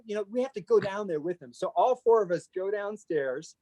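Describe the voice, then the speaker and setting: A man in his fifties, a guest telling a lively anecdote over a video call, laughing and acting out the voices in his story. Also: high voice, fairly quick, no room sound. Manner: laughing, animated retelling with quoted voices. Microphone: video call microphone.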